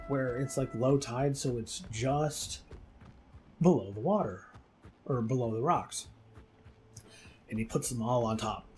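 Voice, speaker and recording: A man's voice: mid-range voice, dark tone. A man hosting a game video, casually retelling a myth with lots of fillers. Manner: rambling, many fillers. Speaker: gaming channel host.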